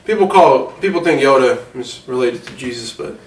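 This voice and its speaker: A man acts out a self-important film mogul who rambles and boasts, easily sidetracked and quick to get defensive. The voice sits at a middling pitch and is picked up from a distance, with a roomy echo around it. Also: expressive, slight background noise, close to an everyday voice. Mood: rambling. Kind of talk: satirical mock interview.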